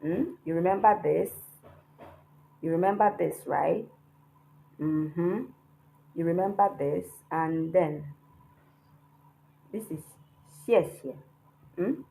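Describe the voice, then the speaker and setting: Patient female teacher, lowish voice, faint background hum, keeps checking students follow. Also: takes it slowly, creaky, long pauses, mellow, poor audio. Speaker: Chinese teacher. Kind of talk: online lesson.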